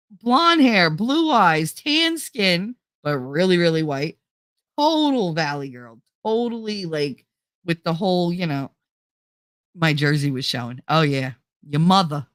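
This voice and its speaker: A woman with a West Indian accent tells stories on her podcast in a casual, profane rush, often mimicking the people she complains about. Her pitch swings widely. The sound is dry and close, with no room around it. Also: dry recording. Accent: West Indian, thicker when angry. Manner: animated, profane, mocks others in put-on voices. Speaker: podcast host. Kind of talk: casual storytelling rant.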